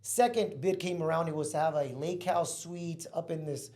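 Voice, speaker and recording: Higher-voiced excitable man telling a story. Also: normal speed. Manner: casual, excitable, slangy, faith-talk. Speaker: podcast guest. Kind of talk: animated personal storytelling.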